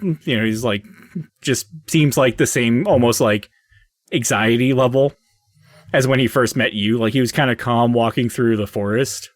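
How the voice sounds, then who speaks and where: A man's voice: mid-range voice, normal speed, no echo, clean studio sound. A man narrating as game master in a loose, hesitant way with many fillers.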